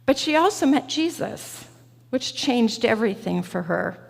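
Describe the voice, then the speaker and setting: Woman preacher, reflective sermon, slightly high, gravelly edge, long church reverb. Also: lively intonation. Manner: reflective, personal, slow and deliberate. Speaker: guest preacher. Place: large church sanctuary.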